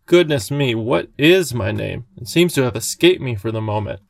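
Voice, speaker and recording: A man voicing a cheerful, eccentric little old gentleman with a courtly, genial way of talking. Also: medium pitch, lively intonation, moderate pace, vocal fry.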